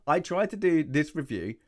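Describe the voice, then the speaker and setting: A man's voice: a little high, very animated, a little slow, a little mellow. A man hosting a casual review, rambling and chatty, full of rhetorical questions and asides, his voice still recovering from loss. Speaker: host.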